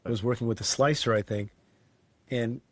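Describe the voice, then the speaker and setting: A man's voice: medium pitch, fairly even intonation, normal speed, dry recording. A man telling a casual anecdote in an interview, rambling a little with restarts and fillers. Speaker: interview guest.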